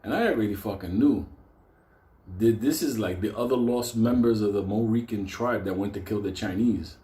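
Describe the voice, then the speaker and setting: A man tells a rambling, profane comic story about his own past, often breaking into laughter and pushing his voice high for quoted lines. He speaks at normal speed in a mellow voice, recorded with reverb.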